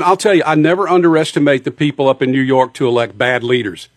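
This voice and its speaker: A man's voice: mid-range voice, steady tone, fast, no room sound, clean studio sound. A man hosting a radio talk show, chatting casually and eagerly asking his guest questions.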